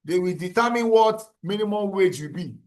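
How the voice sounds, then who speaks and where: A man lecturing a class, his voice sitting high for a man. He works through ideas step by step, repeating terms and asking if the students are following. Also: expressive, normal speed, a little mellow. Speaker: university lecturer.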